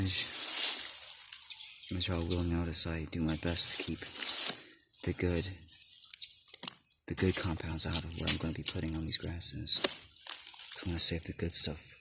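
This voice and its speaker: A man in a casual vlog, rambling with many fillers, laughing often and drifting between loud and murmured talk. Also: low-pitched, little pitch movement, unhurried, gravelly, pauses often. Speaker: vlogger. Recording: background noise.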